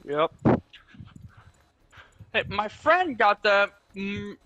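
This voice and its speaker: A man's voice: high voice, very animated, extremely slow, pushed and bright, dull audio, slight background noise. A young man chatting casually over voice chat while gaming, explaining things at length with lots of fillers. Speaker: gaming channel host.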